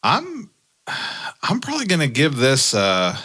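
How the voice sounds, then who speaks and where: A man co-hosting a podcast, giving a cigar review in easygoing casual chat with many pauses and fillers. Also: on the high side, wildly swooping pitch, bright, forceful tone, breathy edge.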